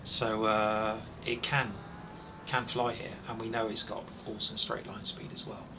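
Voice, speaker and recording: A man over forty doing live, chatty commentary on a sim race, excitable when incidents happen. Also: lowish voice, measured pace, gravelly, background noise.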